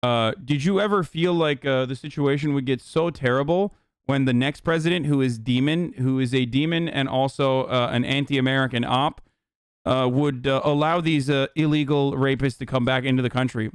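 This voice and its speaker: Male streamer host, casual and sarcastic, smooth close voice, dry sound. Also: mid-range voice, moderate pace, no room sound. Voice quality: loose, sarcastic, swearing. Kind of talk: casual live-stream commentary.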